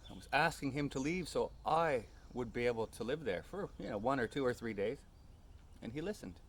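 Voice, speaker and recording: Calm man telling stories, faint outdoor ambience. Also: medium pitch, a little hiss or hum. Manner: calm, unhurried, with tag questions. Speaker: storyteller. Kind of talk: reflective personal storytelling.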